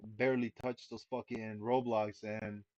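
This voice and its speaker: A man's voice: on the low side, little pitch movement, unhurried, darkish tone, no room sound. A man giving casual live commentary while streaming a game, laid-back and profane, sighing often. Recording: dull lo-fi stream mic.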